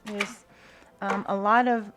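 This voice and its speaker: Unhurried woman doing a spiritual card reading, soft and halting, mid-pitched. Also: little pitch movement, music in the background. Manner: slow, soft-spoken, hesitant with fillers; invocation-like gratitude prayer. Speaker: tarot reader.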